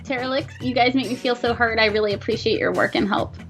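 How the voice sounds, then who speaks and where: A woman hosting a casual livestream chat, reading supporters' messages aloud and thanking them warmly. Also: on the high side, fairly even intonation, quick pace, faint music behind. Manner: gushing, reads donor messages aloud. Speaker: host.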